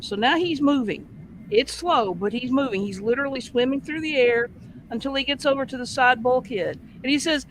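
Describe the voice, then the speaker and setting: A man host telling a casual anecdote, animated and full of vivid sound effects. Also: very high-pitched, unhurried, slight background noise, rough recording.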